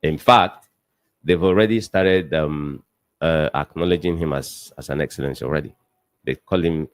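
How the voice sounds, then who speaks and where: A man's voice: rumbling low, normal speed, dry recording. A man speaking as a panelist on a political talk show, emphatic and repeating his points for effect.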